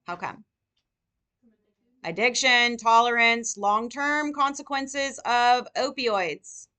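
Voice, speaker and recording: A woman nursing tutor lecturing a live class, firing rapid questions at her students. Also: a little high, sharp tone, clean tone.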